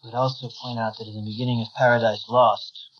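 A man reading scripture aloud and commenting on it as a spiritual teacher, measured and thoughtful with small restarts. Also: mid-range voice, flat delivery. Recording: slightly dull lo-fi recording.

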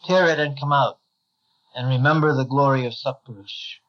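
A man voicing a stern, loyal male divine messenger in a plain, measured reading on a slightly dull recording. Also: mid-range voice, a bit bright, close to an everyday voice.

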